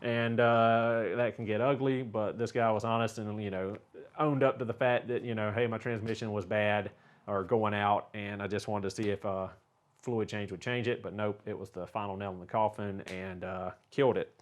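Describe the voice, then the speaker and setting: A man's voice: lowish voice, steady tone, moderate pace. A middle-aged man with a Southern US accent, a car mechanic answering viewer questions in a casual, rambling way, full of "uh" fillers. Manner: folksy, rambling, frequent "uh" fillers. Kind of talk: casual Q&A talk.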